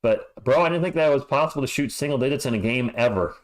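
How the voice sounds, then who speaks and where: A frustrated man calls the game for his fan stream, swinging between flat stat-reading and sharp exasperated outbursts. His voice sits mid-range for a man, and he trips over his words when worked up. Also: medium pitch, fast. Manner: exasperated, ranting, stammers when upset. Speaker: fan livestream host giving play-by-play. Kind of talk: fan play-by-play commentary.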